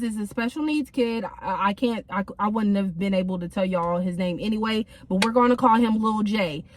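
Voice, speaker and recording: A young woman telling a casual storytime from her car, in a chatty, slangy way with many fillers. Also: fairly high pitch. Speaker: vlogger.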